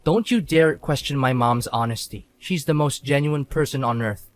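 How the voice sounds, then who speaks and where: A man's voice: mid-range voice, normal speed, lightly acted. An actor playing a scornful young husband who defends his mother, talking in a mocking, contemptuous way. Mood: angry. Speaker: husband in an animated story.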